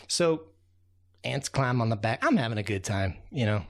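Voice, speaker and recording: A man's voice: mid-range voice, lively intonation, normal speed. A man telling a children's story as a kindly old raccoon, in a folksy, rambling way full of "you know.".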